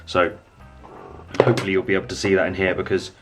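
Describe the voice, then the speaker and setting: Deep-voiced man teaching miniature painting. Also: fast, over music. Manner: relaxed, rambling, thinks aloud while working. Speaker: painting tutor. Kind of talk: casual hobby tutorial.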